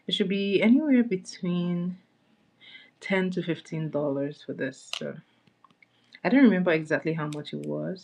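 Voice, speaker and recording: Woman doing a makeup live stream, chatty and giggly, voice a bit on the low side. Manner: chatty, greets viewers by name, laughs often. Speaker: makeup livestreamer. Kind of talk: casual live-stream chat.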